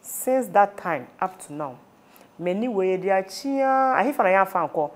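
A woman's voice: mid-range voice, lively intonation. A woman with a Ghanaian accent, a guest earnestly recounting a personal ordeal, switching between languages. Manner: earnest, rapid mix of Twi and English. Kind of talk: personal testimony.

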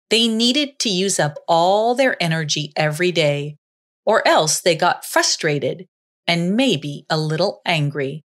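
A woman narrating a children's story in a slow, expressive reading voice. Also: on the low side.

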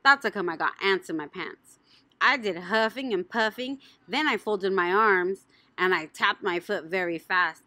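A woman narrating a children's audiobook in an animated, playful way. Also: mid-range voice, measured pace, no echo. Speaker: audiobook reader.

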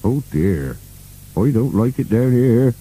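A man's voice: mid-range voice, lively intonation, slow, mellow, slightly rough, poor audio. A man voicing a small, nervous, bumbling male creature servant who frets and exclaims. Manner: nervous, flustered, exclaims often.

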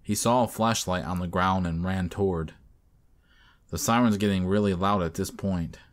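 A man narrating a horror story in a measured storytelling manner. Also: low-pitched.

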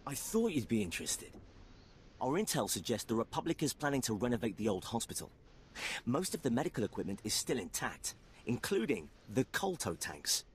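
An actor playing an excitable male Imperial schemer in a video game, pitching a plan with eager glee. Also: fairly quick, slight background noise, lightly acted. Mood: scheming. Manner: eager, gleeful salesman pitch.

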